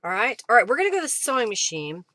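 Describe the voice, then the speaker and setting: A woman's voice: on the high side, big pitch swings, very fast, pushed and bright, no room sound. A woman hosting a live crafting stream, chatting to viewers by name while narrating each step. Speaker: craft livestream host. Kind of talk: live crafting demo and chat.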